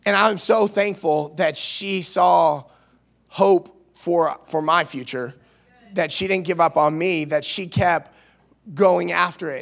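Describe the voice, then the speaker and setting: A man from Missouri preaching a sermon as youth minister, earnest, restarting words, swinging between loud and soft. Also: on the high side, vocal fry. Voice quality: nasal at times. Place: church.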